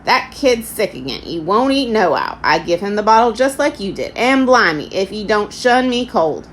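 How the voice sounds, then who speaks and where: A woman reading a storybook aloud, voicing a gruff, grumpy old male seaman who grumbles in rough dialect. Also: mid-range voice, sing-song, normal speed, a little hiss or hum, lightly acted, low-quality recording. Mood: gruff grumbling.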